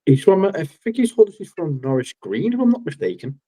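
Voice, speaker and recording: A man from Cheshire with a deep Scouse accent, a guest in a casual football chat who speaks bluntly and firmly. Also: sing-song, a little fast, warm tone, slightly rough. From Cheshire, England.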